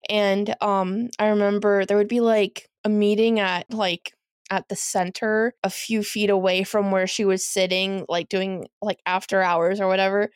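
A woman's voice: mid-range voice, level tone, smooth, no echo, studio quality. A woman co-hosting a podcast in casual chat, playful and giggly. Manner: playful, giggly, drawn-out delivery. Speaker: podcast co-host.

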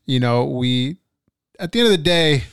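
A young man hosts a laid-back podcast in a studio, swapping stories with his brother, laughing often and swearing casually. His mid-range voice is smooth and clear at a moderate pace. The recording is dry and close, with no echo or room sound.

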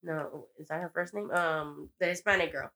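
A young woman in a loose, profane podcast chat. She rambles through a TV recap and slips in bits of quoted dialogue. Her voice sits a bit low. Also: moderate pace, creaky, bright, forceful tone. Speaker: podcast host.

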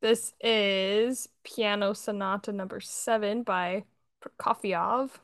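Young woman with vocal fry, dry close mic. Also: medium pitch, slow pace, no room sound, faint music behind. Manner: relaxed, thoughtful, introduces each track. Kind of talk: casual chat reviewing songs.

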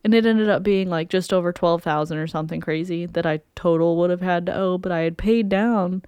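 A woman's voice: fairly low pitch, brisk, a little mellow, smooth, no echo. A young woman co-hosting a podcast, telling a story in casual chat and acting out what people said. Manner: chatty storyteller, acts out quotes. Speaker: podcast co-host.

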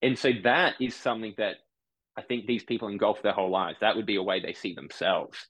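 A man talks loosely on a podcast, on the lower side of the male range. He circles and corrects himself as he thinks aloud. The close mic makes the sound dry and tight. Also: brisk, a bit bright, no room sound, poor audio. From Brisbane, Australia. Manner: rambling, self-correcting, acts out online commenters. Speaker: podcast guest, comedian. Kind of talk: casual podcast chat.

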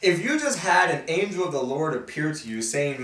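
A man's voice: a little high, very animated, moderate pace, a bit bright. A man casually reading and explaining a Bible passage, acting out the characters' lines with feeling. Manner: conversational, voices the characters' quotes with feeling. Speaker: host reading and explaining scripture. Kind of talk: casual Bible study teaching. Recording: roomy, mic at a distance.

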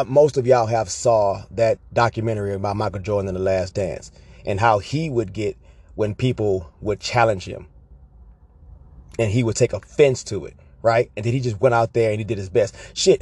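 A man telling personal stories to his viewers in an animated, profane, casual way, often checking in with "right?". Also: on the low side, breathy edge, no echo. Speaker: vlogger. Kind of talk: casual storytelling monologue.

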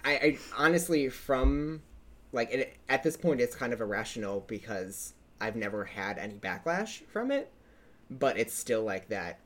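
Lively gay man in his twenties with a lisp. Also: mid-range voice, moderate pace. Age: 20s. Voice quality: slight lisp. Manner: lively storyteller, laughs often, many fillers. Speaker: podcast co-host. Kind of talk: casual chat.

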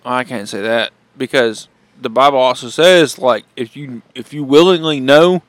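A man's voice: medium pitch, moderate pace, dry recording. A man co-hosting a casual podcast chat, preaching about his faith eagerly. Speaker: podcast co-host.

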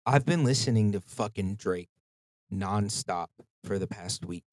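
A man's voice: on the low side, unhurried, darkish tone, dry recording. A man hosting a podcast, telling rambling stories in casual chat and swearing freely. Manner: profane, rambling storytelling. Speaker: podcast host.

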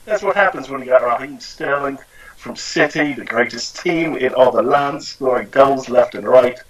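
A man voicing a loud, blustering adult English football fan in a put-on accent. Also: mid-range voice, normal speed, lightly acted, poor audio.

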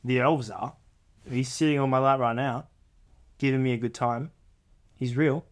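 A man's voice: mid-range voice, moderate pace. A man chatting casually on a podcast as co-host, rambling through stories with lots of "you know" and "like.". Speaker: co-host, older brother.

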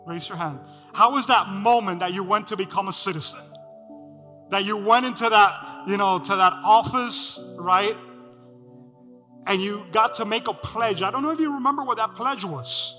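A man preaches a sermon from the pulpit, quizzing his congregation and repeating his key lines. His voice sits high and bright. A long reverb from the hall trails each phrase, with faint music behind. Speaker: pastor. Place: church hall.

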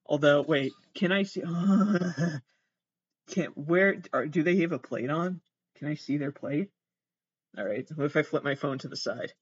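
A man's voice: fairly high pitch, unhurried, slightly rough, no room sound. Agitated swearing man, dry lo-fi sound. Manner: agitated, swearing, exclaiming in alarm. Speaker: podcast host. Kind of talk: casual reaction commentary.

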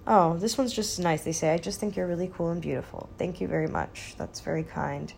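A young woman in her twenties rambles through a casual vlog chat, her low voice settling into vocal fry. She sounds stoned and laid-back, barely raising her voice. A faint hiss sits under the recording. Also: fairly quick, darkish tone. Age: 20s. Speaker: vlogger.

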